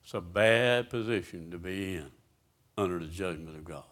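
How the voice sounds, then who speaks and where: A man's voice: low-pitched, moderate pace, a bit bright. A pastor preaching a sermon, reading scripture aloud and putting questions to his congregation.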